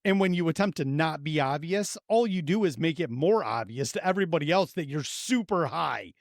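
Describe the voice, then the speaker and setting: A man in his thirties co-hosting a podcast, telling a profane, animated story and acting out his own reactions. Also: a little high, brisk, no echo, clean studio sound. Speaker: podcast co-host. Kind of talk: casual storytelling chat.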